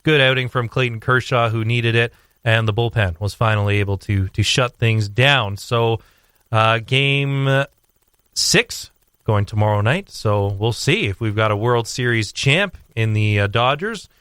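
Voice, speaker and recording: A young man talking sports on a radio show, rambling with fillers and restarts as he tells a story with growing excitement. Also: medium pitch, unhurried, smooth, dry recording, studio quality. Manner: animated storytelling. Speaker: sports commentator guest. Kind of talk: casual radio sports chat.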